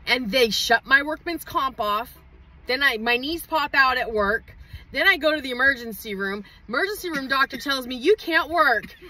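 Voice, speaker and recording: A mother livestreaming from inside her parked truck, venting in a heated, profane rant with quick outbursts. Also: high voice, expressive, bright, forceful tone, low-quality recording. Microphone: phone livestream.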